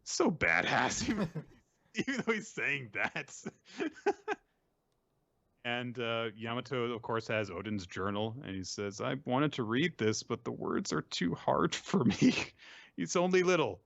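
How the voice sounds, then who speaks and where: A man's voice: medium pitch, lively intonation, unhurried, gravelly, a bit bright, dry recording, muffled recording. A man hosting a podcast who casually recaps comic chapters and mimics the characters' lines as he retells scenes. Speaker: podcast host.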